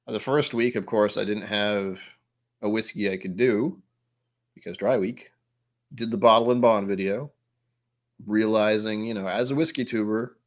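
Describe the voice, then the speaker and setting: A young man talks casually to his viewers, wandering from one thought to the next and poking fun at himself. His voice sits a little low. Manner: rambling, self-mocking, reacts aloud to chat. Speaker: whiskey channel host. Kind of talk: casual livestream chat.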